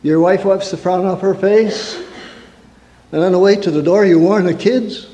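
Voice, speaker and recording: At normal speed and with fairly even intonation, a counselor with a high, mellow voice gives a humorous sermon-style talk. He tells stories, asks rhetorical questions, and adds mock-angry asides, and the reverberant hall echoes around him.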